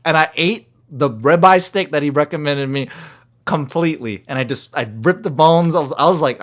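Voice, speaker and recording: A man co-hosting a casual podcast, telling a story that moves from low mumbling to loud, animated outbursts. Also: normal speed. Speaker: podcast co-host. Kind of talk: casual chat.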